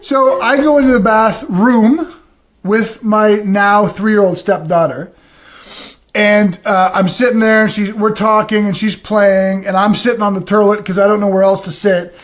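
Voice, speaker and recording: A man co-hosting a podcast, telling funny stories in a casual, animated and profane way. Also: high voice, unhurried. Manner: animated, profane, self-mocking storyteller. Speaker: podcast co-host. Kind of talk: casual storytelling chat.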